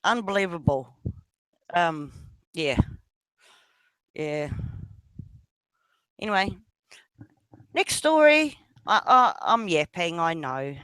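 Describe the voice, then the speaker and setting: A woman's voice: on the low side, sing-song, slow pace, long pauses, fairly bright tone, clear, resonant tone, no room sound. A woman with a New Zealand accent rambling through a casual voice chat. She swears freely and laughs often, her voice swooping up and down as she unhurriedly drifts from story to story. The sound is close and dry.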